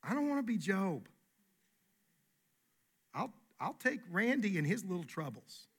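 A man's voice: sits high, sing-song, unhurried, slightly rough. A man preaching a sermon as pastor, emphatic and folksy, repeating his key phrases.

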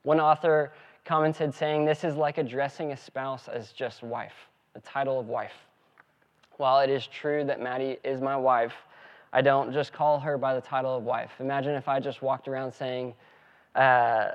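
A man preaching a sermon as pastor, earnest and steady, also leading a spoken prayer. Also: medium pitch, moderate pace, clean tone, lo-fi sound.

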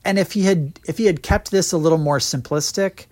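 Man, thirties, slightly high voice, joking, long run-on sentences, movie chat. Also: brisk, a little mellow. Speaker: podcast co-host. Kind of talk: casual movie review chat.

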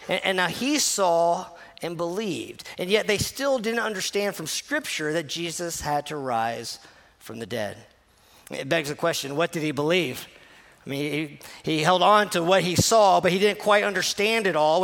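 A male pastor tells a scripture story in a casual, heartfelt sermon. His voice sits a bit high and has a noticeable gravelly fry. He often drops to a near hush for emphasis. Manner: conversational, earnest storytelling, drops to a soft hush at key moments.

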